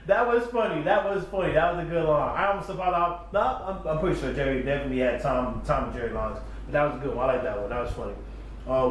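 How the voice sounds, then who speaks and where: A man giving a laid-back commentary recap, repeating his praise, at home by his computer. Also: fairly high pitch. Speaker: battle rap reviewer. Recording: roomy echo, distant mic, faint background hum.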